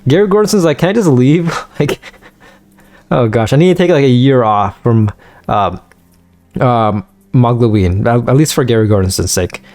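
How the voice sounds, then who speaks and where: A man giving casual let's-play commentary in a strained, hoarse voice as he starts to lose it, rambling with lots of fillers and restarts. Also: medium pitch, moderate pace, a little mellow. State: losing his voice, strained. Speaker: gaming video creator.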